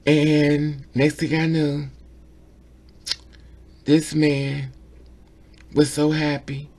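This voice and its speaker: A man with a rough, gravelly voice that sits a little high for a man. He talks through a documentary in an emotional vlog, circling back on his points and tripping over his words when he gets worked up. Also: flat delivery, extremely slow, darkish tone. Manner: emotional, repetitive, stammers when upset. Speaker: vlogger reviewing a documentary.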